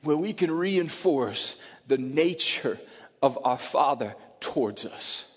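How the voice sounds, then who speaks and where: A middle-aged male pastor delivers a tearful, emotional sermon, his voice sitting notably high. He builds to loud, emphatic peaks and then drops to soft near-whispers. The sound carries the long reverb of a large church hall. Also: lively intonation, slow pace, husky.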